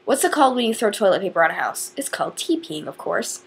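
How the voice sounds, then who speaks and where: A woman's voice: mid-range voice, big pitch swings, fast talker, gravelly, slightly rough. A teenage girl from northern Indiana chatting to camera in a rambling, casual way with lots of fillers. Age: teens. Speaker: vlogger.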